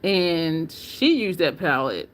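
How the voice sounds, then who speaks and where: A woman's voice: low voice, sing-song, slow. A woman hosting a beauty channel livestream, talking in a loose, opinionated, rambling way and answering viewer comments. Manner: loose, rambling, with frequent ums and restarts. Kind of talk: casual livestream chat.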